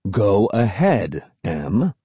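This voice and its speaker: Storybook: practical dad, firm and insistent, mellow husky tone, read by a man. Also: fairly low pitch, big pitch swings, drawn-out words, no echo, voice pushed down, exaggerated voice. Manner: urging, insistent. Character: practical father, firm and encouraging.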